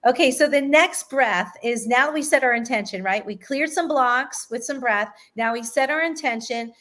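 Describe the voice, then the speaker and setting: A woman leading a guided breathing meditation, giving soothing, step-by-step instructions and often checking in with a quick "right?". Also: on the high side, fairly bright tone. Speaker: meditation teacher.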